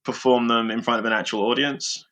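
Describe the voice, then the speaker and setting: A man who works as an improviser, talking through his method in an interview, pausing often with fillers. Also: medium pitch, fairly even intonation, fairly bright tone. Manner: thoughtful, halting with fillers. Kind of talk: interview answers.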